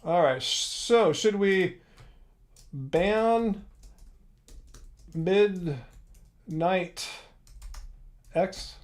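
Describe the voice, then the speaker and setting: Male livestream host with a higher voice, blunt and exasperated toward trolls. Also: very slow, pauses often. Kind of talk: casual livestream chat.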